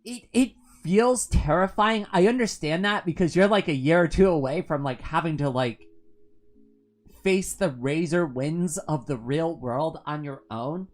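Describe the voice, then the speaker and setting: Reading out viewer comments on a live stream, a woman in her forties chats casually, laughing often and rambling with lots of fillers. Her voice sits low and moves a little slowly.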